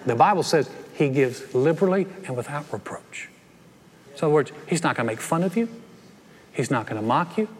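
Preacher guy, lively, kinda high voice, acts out little voices, big echoey church hall. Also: brisk, a little hiss or hum. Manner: animated, acts out playful voices. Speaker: pastor. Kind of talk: sermon. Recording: long reverb of a large hall.

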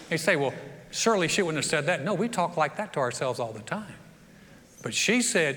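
Folksy male pastor with a higher voice, preaching in a reverberant church. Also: brisk. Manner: folksy, animated storytelling with acted-out quotes. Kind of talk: sermon. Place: church sanctuary.

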